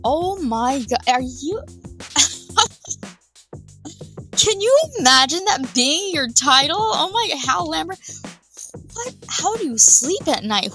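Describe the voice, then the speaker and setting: A young woman vlogger giving indignant, sarcastic reaction commentary, sometimes drawing words out slowly for emphasis. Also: high-pitched, very animated, pushed and bright, faint music behind. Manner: pauses to over-stress words slowly.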